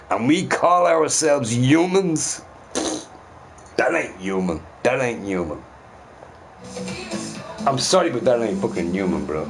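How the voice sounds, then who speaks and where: A man's voice: mid-range voice, expressive, slow pace, long pauses, soft background music. A man in a casual ranting monologue who swears a lot and keeps asking his listeners "right?". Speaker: vlogger.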